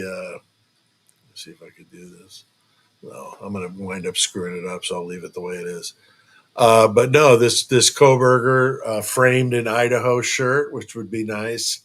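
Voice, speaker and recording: A man's voice: fairly low pitch, fairly bright tone. A man hosting a casual true crime live stream from home. He rambles and jokes, with lots of fillers and restarts.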